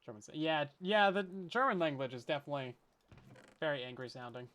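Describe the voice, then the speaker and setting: Chatty, jokey man with a higher voice. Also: lively intonation, fairly quick, a bit bright, slight background noise. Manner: joking, self-deprecating, laughs often; rambling, chatty asides. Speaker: Minecraft streamer. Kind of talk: casual let's-play chat with viewers.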